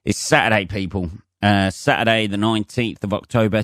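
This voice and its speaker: A man's voice: low voice, fairly even intonation, normal speed, clear, resonant tone, dry recording, clean studio sound. A man hosting his own podcast, rambling casually, swearing freely and self-mocking, with frequent ums. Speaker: podcast host. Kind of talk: solo casual monologue.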